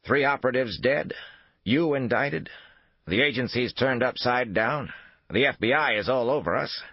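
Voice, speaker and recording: A man voicing a cold, forceful male intelligence officer who speaks with clipped disdain. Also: low-pitched, sing-song, moderate pace, vocal fry, no room sound, pitched above the performer's own voice, heavily acted. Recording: dull lo-fi dry recording.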